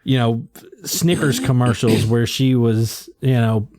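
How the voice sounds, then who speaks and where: A man with a mellow, darker tone chats casually on a podcast, wandering through his thoughts and circling back on his sentences. His voice is close and dry, with no room sound around it. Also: medium pitch, steady tone, measured pace, dry recording. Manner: rambling, many fillers and restarts. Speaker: podcast host. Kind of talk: casual chat.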